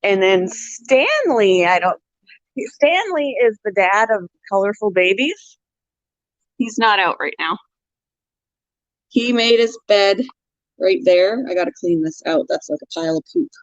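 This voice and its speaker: A woman's voice: mid-range voice, expressive, measured pace, pauses often, no room sound. A woman hosting a casual pet vlog, chatty and laughing often as she walks around her animal cages at home. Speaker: pet channel host. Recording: dull lo-fi, dry sound.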